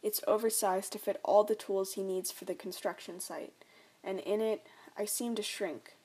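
A young woman narrating her own story in the first person, soft and reflective. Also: medium pitch, steady tone, normal speed, husky.

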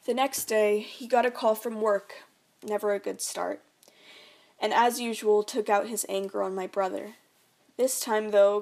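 A young woman reading her own memoir aloud in a quiet, reflective way. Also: mid-range voice.

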